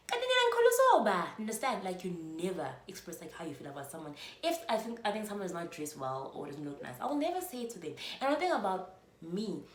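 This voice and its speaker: A South African woman in her twenties telling a storytime vlog, chatty and full of fillers. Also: on the low side. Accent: South African, mixing in Zulu. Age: 20s. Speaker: vlogger. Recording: roomy echo, faint room noise.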